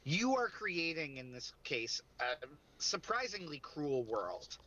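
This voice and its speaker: A man co-hosting a laid-back livestream, his voice bright and a little high as he rambles, restarts his sentences and laughs along the way. The stream audio is dull and lo-fi. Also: sing-song, slow. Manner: rambling, self-interrupting, laughs often. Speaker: podcast co-host. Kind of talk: casual livestream chat.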